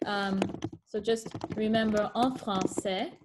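Slow-speaking woman teaching French. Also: mid-range voice, steady tone, noisy background. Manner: reads French examples slowly and carefully, with playful asides. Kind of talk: online class teaching pronunciation.

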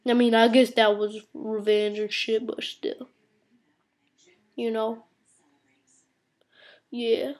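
Woman bragging and swearing her way thru a rambling webcam rant at home, kinda high pitched. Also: little pitch movement, slow, pauses often, a little mellow. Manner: boastful, heavy cursing, rambling storytelling. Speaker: vlogger. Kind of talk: comic profane rant to camera. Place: indoor room.

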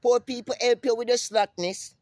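A brash man with a Jamaican accent, ranting profanely in a casual vlog outdoors, repeating himself and breaking into sudden high-pitched calls. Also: fairly even intonation, normal speed, no echo. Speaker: vlogger. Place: outdoors in the sun.

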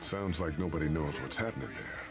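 A man's voice: extremely low pitch, a little fast, loud music behind the voice. An actor playing a cautious man who doubts the plan, speaking in a doubtful, warning way.

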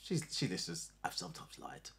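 A man's voice: fairly quick, fairly bright tone. A young man and comedian, co-hosting a casual podcast chat, telling stories with lots of laughter. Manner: laughing, storytelling, slips into voices.

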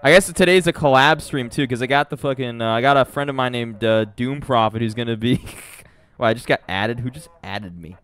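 A man streaming a game live, excitable and easily flustered, with plenty of swearing, close on a desk mic at home. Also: mid-range voice, a little fast, clean tone. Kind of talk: live-stream gaming commentary.

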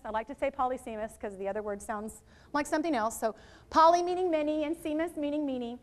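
Lady with a high voice running a teacher training session, chatty, talking to the room on a clip mic. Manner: lively, chatty presenter with audience asides. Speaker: literacy trainer presenting to educators. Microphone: worn microphone.

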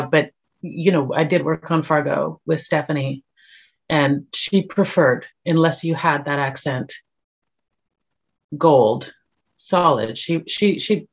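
A woman's voice: low voice, breathy edge. A middle-aged woman from Canada, a guest actor telling stories in casual chat. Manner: chatty, storytelling with laughs.

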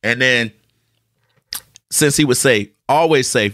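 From a hot room at home with a ceiling fan running, a man hosts his own podcast, telling his listeners a casual, jokey story. He's animated, repeats words, and addresses the audience directly in a slow, mid-range voice. The sound is studio quality with no echo.

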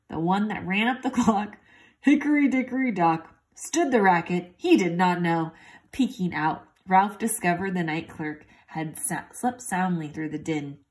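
A woman reading a children's chapter book aloud expressively, adding voiced sound effects. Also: fairly low pitch. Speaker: reader. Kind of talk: storybook read-aloud.

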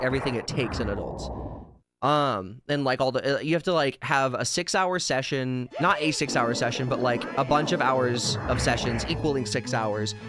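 A man streaming a video game, telling a long, tangential personal story in casual chat and swearing freely. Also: mid-range voice. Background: game music.

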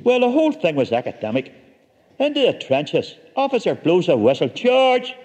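A man's voice: fairly high pitch, huge pitch swings, fairly quick, a little mellow, long reverb tail, slight background noise. A man telling a comic story with dry, wry humor.

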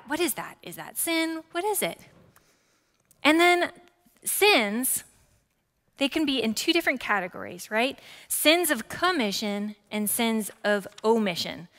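Woman in her forties, pastor, sermon, conversational, bright voice, long church reverb. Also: fairly high pitch. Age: 40s. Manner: lively and conversational, with asides to the congregation. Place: church sanctuary.

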